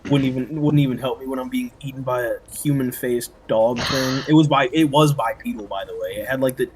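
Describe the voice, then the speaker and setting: A man's voice: medium pitch, fairly quick, crowd noise. A young man streaming a game, casually telling a story about a strange dream, rambling with lots of fillers and swearing. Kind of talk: casual storytelling while gaming.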